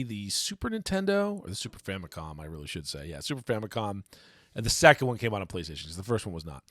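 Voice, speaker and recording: A man's voice: medium pitch, no echo, studio quality. A man co-hosting a casual podcast, rambling and correcting himself as he goes. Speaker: podcast co-host.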